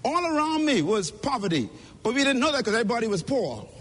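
A man's voice: very high-pitched, big pitch swings, fast talker, fairly bright tone, slightly rough. A man giving an emphatic, preacher-like motivational speech at a conference, speaking directly to the audience, recorded in a reverberant hall.

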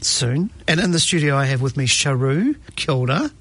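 A man's voice: mid-range voice, big pitch swings, normal speed, fairly bright tone. A man with a New Zealand accent hosting a radio arts show in a studio, chatty and self-mocking. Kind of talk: casual radio chat.

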